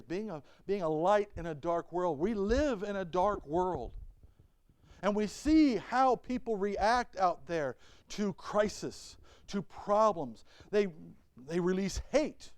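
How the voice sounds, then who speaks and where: A man's voice: high voice, a little mellow, no echo. A male pastor preaching a sermon in church. He reads Bible verses and asks the congregation rhetorical questions. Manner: reads Bible verses aloud and explains them.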